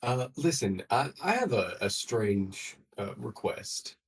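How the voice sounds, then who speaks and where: A man's voice: on the low side, big pitch swings, slow pace. A man playing in a tabletop game, hesitant and playful, with many fillers. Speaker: player. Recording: somewhat distant from the mic.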